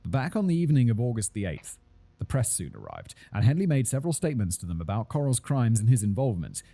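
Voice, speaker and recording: A man narrating a true-crime video in a measured, scripted storytelling delivery. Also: medium pitch, wildly swooping pitch, vocal fry, dark tone.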